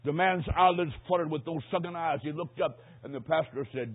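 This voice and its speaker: A man preaching a sermon, with a husky voice pitched a little higher than most men's. He tells his story dramatically, dropping to a hush and then rising to a shout. The recording is thin and tinny, like a phone line. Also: fairly quick.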